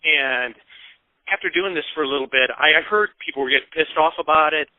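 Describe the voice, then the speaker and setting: A man's voice: a little high, brisk, no room sound. A man in his fifties from the American Midwest, telling casual stories as an interview guest, acting out the voices of people he quotes and swearing now and then. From Peoria, Illinois, US. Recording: tinny phone-like dry sound.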